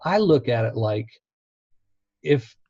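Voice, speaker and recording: A relaxed man talks casually as a podcast guest, chuckling through his stories. His voice is mellow and dark, with no room echo. The recording sounds dull and muffled. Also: mid-range voice, takes it slowly. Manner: laid-back, laughs often while talking. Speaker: interview guest. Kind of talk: casual interview chat.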